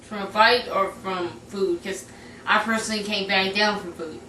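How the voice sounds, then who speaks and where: A woman's voice: medium pitch, fairly even intonation, normal speed, sharp tone. Rambling, giggly young woman reviewing a movie. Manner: rambling and giggly, full of fillers and restarts. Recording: echoey room, voice from a distance, faint background noise.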